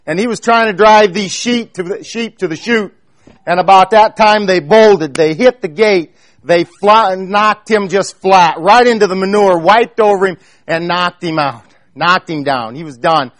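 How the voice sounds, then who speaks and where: A man's voice: high voice, unhurried, a bit bright, no room sound. An Amish man preaching a sermon, telling a personal story in an earnest way and speaking straight to his congregation.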